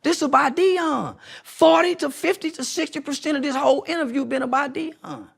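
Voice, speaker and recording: High, gravelly man arguing hotly. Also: fairly quick, fairly bright tone. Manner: emphatic, profane, talks over others. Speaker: youth advocate. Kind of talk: heated interview argument.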